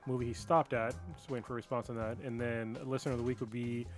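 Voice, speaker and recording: Easygoing man doing podcast shout-outs. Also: mid-range voice, level tone, fast, soft background music. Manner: easygoing, thankful, casual shout-outs with fillers. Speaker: podcast co-host reading chat shout-outs. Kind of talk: casual chat.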